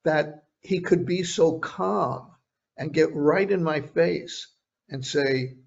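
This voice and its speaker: A man's voice: on the high side, takes it slowly, creaky. An older man, a veteran journalist, recounting a story in a casual interview, often restarting his phrases. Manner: conversational, repeats words when restarting. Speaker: retired journalist guest. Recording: dull lo-fi sound.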